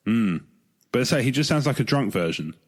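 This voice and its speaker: A man's voice: mid-range voice, animated, a little fast. A man co-hosting a podcast, chatting casually and rambling with frequent restarts. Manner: rambling, hesitant, restarts often. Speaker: podcast co-host.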